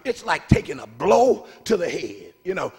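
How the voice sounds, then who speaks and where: A man preaching a lively sermon, talking with the congregation and swinging between shouted lines and hushed asides. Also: high-pitched, moderate pace, long reverb tail, over loud music. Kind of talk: call-and-response sermon. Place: church sanctuary.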